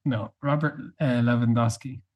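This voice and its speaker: A man co-hosting a casual podcast chat, setting quiz questions in a measured, wry way. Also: medium pitch, steady tone, darkish tone. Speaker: podcast co-host.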